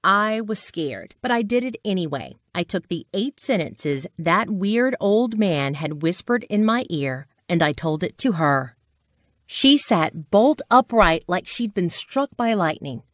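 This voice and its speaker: A woman narrating a dating-advice sales pitch as a dramatic personal story. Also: very animated, a little slow, no room sound, clean studio sound.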